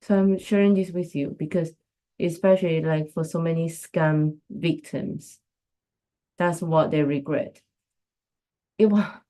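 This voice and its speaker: Slow, earnest woman giving a live pep talk. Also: low voice, steady tone, dark tone. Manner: earnest, repeats phrases for emphasis, speaks to viewers directly. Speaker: host of a live talk stream. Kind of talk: casual motivational talk.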